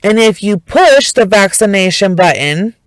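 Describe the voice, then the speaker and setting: A woman's voice: medium pitch, a little slow, no echo, poor audio. Profane ranting woman podcaster. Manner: profane, animated ranting with rambling restarts. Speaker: podcast host. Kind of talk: casual ranting monologue.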